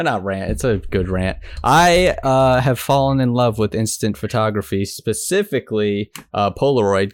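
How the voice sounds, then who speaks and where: A man's voice: lowish voice, no room sound, studio quality. A young man on a podcast, explaining things emphatically and with strong opinions. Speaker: podcast co-host. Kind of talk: casual chat.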